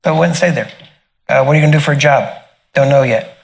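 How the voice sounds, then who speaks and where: Man telling a lively personal testimony. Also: on the high side, quick pace, gravelly. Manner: animated storyteller, laughs often, acts out quoted voices. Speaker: minister sharing a testimony. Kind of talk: casual storytelling testimony.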